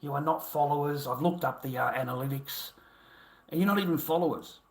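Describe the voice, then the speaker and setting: A man's voice: on the high side, brisk. Profane, ranting Australian man, echoey room. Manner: profane, combative, sneering. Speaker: livestreamer. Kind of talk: angry livestream rant.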